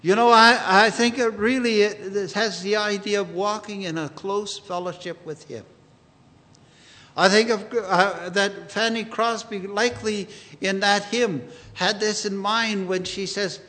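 A man preaching a sermon in an earnest, unhurried way, quoting scripture often. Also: sits high, fairly even intonation, pushed and bright, big-room sound.

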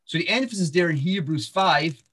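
A man's voice: fairly high pitch, moderate pace, fairly bright tone. Man teaching Bible verses in a sermon. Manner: walks through verses, repeats words and restarts, frequent fillers. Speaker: preacher.

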